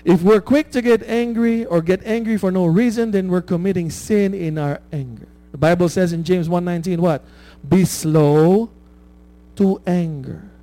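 A man's voice: high-pitched, fairly quick, hardly any pauses, dark tone. A man preaching a conversational sermon, often asking "right?" and laughing at his own stories.

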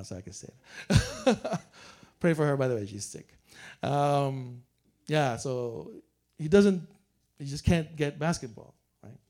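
A man's voice: medium pitch, vocal fry, darkish tone. A man preaching a sermon as a pastor, telling family stories in a joking, chuckling way. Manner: joking storyteller, chuckles often.

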